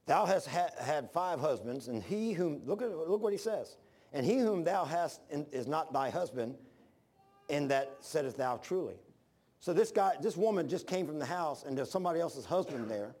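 A man preaching a sermon, telling stories with animated bursts of shouting. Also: on the high side, normal speed, breathy edge.

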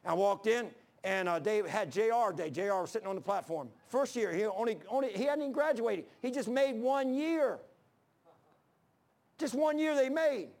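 High-voiced preacher, impassioned. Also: male voice, darkish tone. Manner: impassioned, folksy storytelling with restarts. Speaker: pastor. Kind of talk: sermon.

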